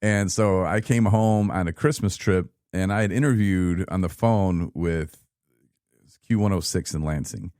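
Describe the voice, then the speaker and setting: A man in his thirties from Michigan, telling his own story in a casual, animated podcast chat and acting out what people said. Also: deep voice, a little slow, no echo, studio quality. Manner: animated, laughing, acts out quoted people. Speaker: podcast guest.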